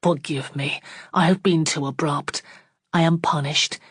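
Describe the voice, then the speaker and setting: A woman reading as a proud, formal young gentleman. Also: sits low, fairly even intonation, husky, no echo, studio quality, full character voice. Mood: pleading. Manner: measured, formal speech. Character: earnest young gentleman suitor, proud and cool.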